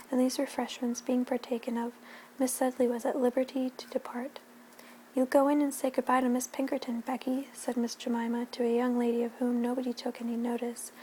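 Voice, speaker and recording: A woman giving a gentle, soft-spoken ASMR reading of a classic novel at home, her voice dropping at times into a whisper. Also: sits high, a little hiss or hum, low-quality recording. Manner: gentle, hushed, slipping into whispers. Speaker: ASMR reader.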